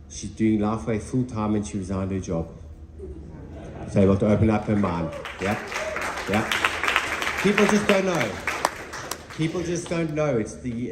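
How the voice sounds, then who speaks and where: Guy pitching network marketing, really lively voice, acts out both sides of a chat, slight room echo. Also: background noise. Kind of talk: animated storytelling talk to a team. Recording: roomy recording with faint ambience.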